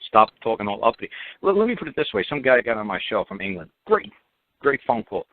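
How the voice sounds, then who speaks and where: A man's voice: mid-range voice, quick pace, no room sound. Blunt man on a tinny radio line. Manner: blunt, animated, mocking imitations. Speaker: radio show host. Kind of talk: casual radio talk. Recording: tinny phone-like dry audio.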